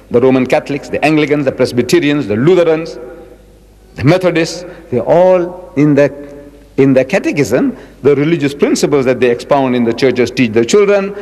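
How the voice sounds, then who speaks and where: A man in his seventies giving a religious lecture, emphatic and repeating his key words, drawing out quotations slowly. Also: fairly high pitch, a little mellow, big-room sound, poor audio. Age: 70s. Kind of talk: public lecture.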